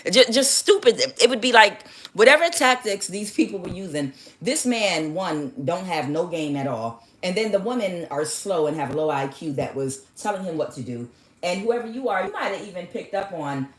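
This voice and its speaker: Woman, tarot reader, lowish voice, sassy, animated, casual monologue. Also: moderate pace. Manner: animated, sassy, laughs often, addresses the listener as "child".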